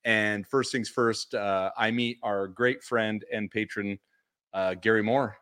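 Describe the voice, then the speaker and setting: A man's voice: takes it slowly, clean tone. A man co-hosting a casual podcast chat, telling stories animatedly and acting out quotes. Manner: animated storyteller, acts out quotes in high voices. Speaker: podcast co-host.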